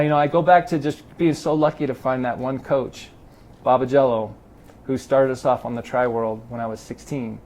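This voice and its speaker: In a garage, a medium-pitched middle-aged man, president of a Los Angeles triathlon club, recounts stories in an easygoing interview and brings the quoted dialogue to life with animated delivery. Some slight background noise can be heard.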